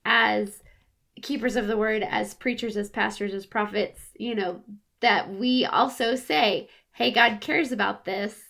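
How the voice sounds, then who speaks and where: A woman's voice: mid-range voice, gravelly, a bit bright. A woman pastor chatting about scripture on a podcast, agreeing and adding to her co-host's points. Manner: slow, agreeable, laughs along. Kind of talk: casual podcast conversation.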